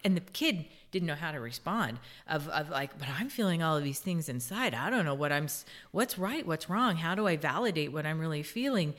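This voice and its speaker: Podcast co-host, middle-aged woman, low voice, earnest storyteller. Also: animated, fairly quick, hardly any pauses, fairly bright tone. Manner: earnest, tells stories from her own parenting. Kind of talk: casual podcast conversation.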